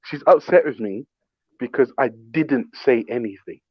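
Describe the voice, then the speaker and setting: A man's voice: medium pitch, normal speed, husky. A man, hosting a casual chat and telling a story, mimicking other people's voices as he talks. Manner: animated, mimics voices in stories. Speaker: show host. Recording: muffled remote call audio.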